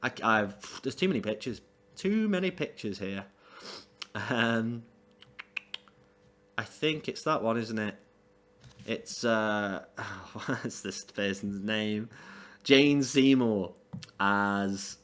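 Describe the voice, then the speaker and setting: A man's voice: lowish voice, fairly even intonation, slow pace, a bit bright, clear, resonant tone. A man casually reviewing an album on his own channel, rambling with many fillers and restarts. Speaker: music reviewer.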